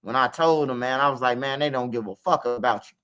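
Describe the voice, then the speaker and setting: A man's voice: medium pitch, fairly quick, pushed and bright, clean tone. Streetwise man with muffled stream sound. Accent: Chicago. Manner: streetwise, profane, lots of "man" and "bro" fillers. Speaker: guest telling his story. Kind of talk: casual storytelling.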